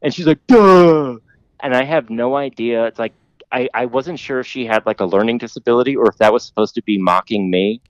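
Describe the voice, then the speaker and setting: A man's voice: fairly even intonation, fast, no echo, highs cut off. Profane rambling man telling a story. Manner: rambling, profane, mimics others in high voice. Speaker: podcast co-host telling a story. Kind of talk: casual storytelling chat.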